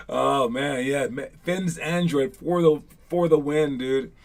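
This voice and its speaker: A man running a casual live online basketball coaching session, chatty and rambling with lots of fillers, teasing and excitable. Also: on the high side, takes it slowly, vocal fry.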